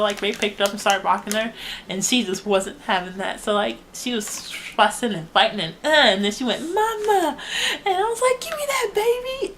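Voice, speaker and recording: A young woman talks casually to camera as a mother giving a baby update, chatty and rambling, using "like" heavily and laughing often. Her mid-range voice is fairly bright, and the audio is poor with slight background noise.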